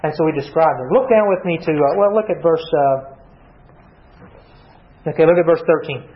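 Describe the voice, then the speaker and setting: High-voiced preacher in an echoey room. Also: male voice, normal speed. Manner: asks questions then answers them himself. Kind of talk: sermon. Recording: echoey room, slightly dull sound.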